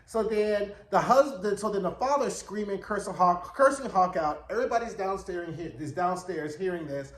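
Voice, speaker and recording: A man's voice: sits high, normal speed, few pauses, a bit bright, reverberant. A man giving a sassy, slangy, chatty recap of a TV episode, slipping into quoted voices as he retells scenes. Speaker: TV recap reviewer. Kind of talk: casual recap and commentary.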